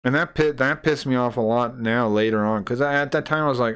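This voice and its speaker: A man's voice: mid-range voice, a little fast, few pauses, a bit bright, clear, resonant tone. A man livestreaming, retelling a grievance in an indignant, profane, rambling way. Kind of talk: ranting stream commentary.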